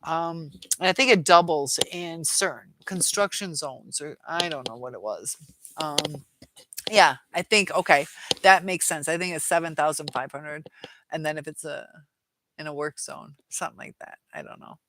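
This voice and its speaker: A woman hosting a casual live chat, reading out viewer comments, chatty and quick to laugh. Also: low voice, noisy background.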